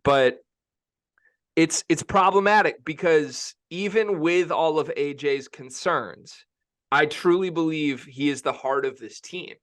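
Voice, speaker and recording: A young man co-hosts a casual sports podcast, opinionated and emphatic, often repeating himself to make his point. His voice is a little high and a bit bright, at a measured pace.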